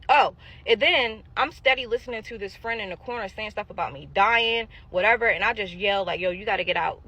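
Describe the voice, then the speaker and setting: A woman telling her own story in a casual storytime monologue, emphatic and animated, acting out what people said and talking straight to her listeners. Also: lowish voice, low-quality recording. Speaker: storyteller sharing a personal testimony.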